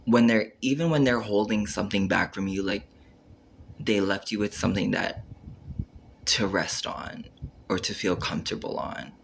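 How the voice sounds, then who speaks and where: A male vlogger with a low-ish, creaky voice rambles through a casual on-camera monologue at a normal speed, using lots of filler words. He acts out his own reactions and lets sentences trail off, with a little hiss or hum in the audio.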